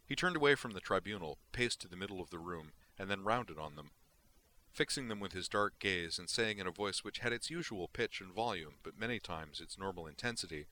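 Deep-voiced man narrating an audiobook. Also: expressive, a little fast, bright, forceful tone, slight background noise. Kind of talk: scripted narration.

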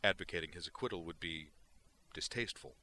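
A man voicing a calm, precise male alien science officer who speaks in a measured, formal, unemotional way. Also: sits low.

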